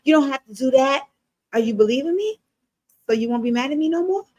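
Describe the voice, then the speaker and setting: A woman's voice: high-pitched, animated, a little fast, darkish tone, voice pushed up. A woman mimicking a whiny man who promises to quit gambling, in a sheepish, pleading tone.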